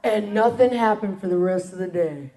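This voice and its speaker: A woman giving a lively spoken testimony to an audience, acting out the people in her story and laughing often. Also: medium pitch, normal speed. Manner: animated storyteller, acts out quotes, laughs often. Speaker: ministry speaker sharing testimony.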